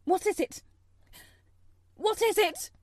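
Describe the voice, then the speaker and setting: A woman's voice: very high voice, slow, darkish tone, no echo, studio quality, pitched above the performer's own voice. A woman voicing a panicked young society mother. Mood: frantic. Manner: pleading, panicky cries. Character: frightened young English mother, elegant.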